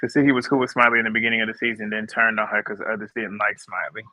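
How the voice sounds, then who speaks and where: Bright-voiced man, laughing, blunt recap host. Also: lowish voice, little pitch movement, very fast, no echo, rough recording. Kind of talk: casual live reality show recap.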